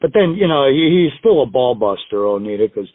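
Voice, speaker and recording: A man's voice: mid-range voice, sing-song, brisk, no echo. A middle-aged man tells stories as a guest in a casual interview. His voice comes through a thin, tinny phone line with a dry sound. He rambles, circles back, and punctuates his points with frank, emphatic profanity.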